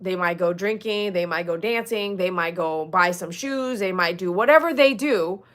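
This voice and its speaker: A middle-aged dog groomer with a Texan accent hangs out with viewers on a livestream, laughing, joking, and reading their comments aloud. Her voice is mid-range and a bit bright.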